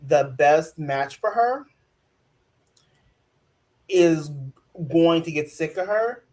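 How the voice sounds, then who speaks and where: A man co-hosting a casual TV recap chat, talking in an animated way, laughing often and repeating himself. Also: a little high, very slow. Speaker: podcast co-host.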